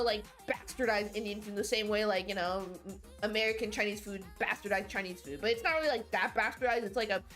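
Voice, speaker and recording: A young woman with a high voice rambles to her live-stream chat in a loose, animated way, cursing freely and tripping over her own sentences. Faint music plays quietly behind her. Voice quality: chatty, animated, swears freely. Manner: talks to chat, frequent fillers and restarts.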